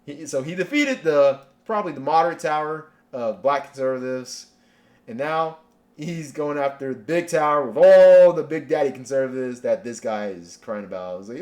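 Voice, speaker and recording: A man's voice: mid-range voice, animated, moderate pace, a little mellow. A man hosting a casual reaction rant, sarcastic and rambling, with lots of restarts. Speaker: commentary channel host.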